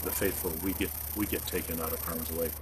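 A man speaking earnestly in a religious vlog monologue, halting and stressing words. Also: sits low, flat delivery, noisy background. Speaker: video host.

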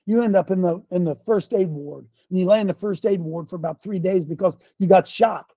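A man preaching a fiery sermon, folksy and combative, with slang and sudden shouts. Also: high-pitched, fairly quick, hardly any pauses, dry recording. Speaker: pastor.

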